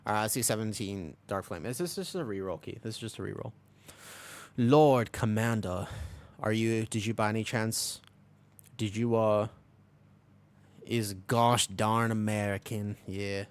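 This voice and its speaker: A man's voice: fairly low pitch, fairly quick. Rambling young man streaming live. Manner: rambling, restless, full of restarts and swearing. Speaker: Twitch streamer. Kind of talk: casual live-stream chat.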